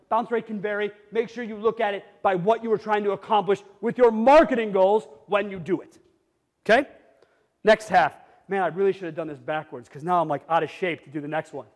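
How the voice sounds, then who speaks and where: A middle-aged man giving an energetic conference talk to a live audience, blunt and jokey, sometimes rising almost to a shout. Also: sits high. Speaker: conference speaker. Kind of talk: energetic keynote presentation. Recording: reverberant hall.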